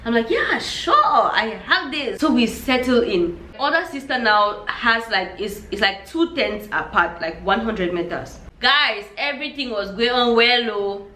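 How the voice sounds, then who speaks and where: A woman vlogger telling a story in a lively storytime vlog, acting out her own reactions as she goes. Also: on the high side, moderate pace, hardly any pauses, roomy sound.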